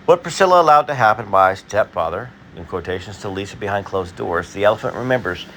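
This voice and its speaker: A man's voice: fairly low pitch, expressive, fairly bright tone, slight background noise. Give me a weary man hosting a video, stumbling over his words in a casual chat. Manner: halting, with many fillers and restarts. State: tired, saving his voice. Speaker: video host reading viewer comments. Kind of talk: casual commentary.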